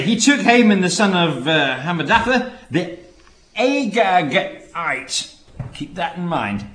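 A man's voice: high voice, a bit bright, echoey room. A man teaching a Bible study sermon, reading scripture aloud and breaking off into emphatic asides. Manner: reads scripture then digresses with emphatic asides.

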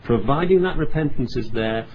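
A man's voice: mid-range voice, expressive, normal speed. A man preaching a sermon, reading scripture aloud and driving home points with earnest emphasis and asides. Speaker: pastor. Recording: slightly dull sound with faint background noise.

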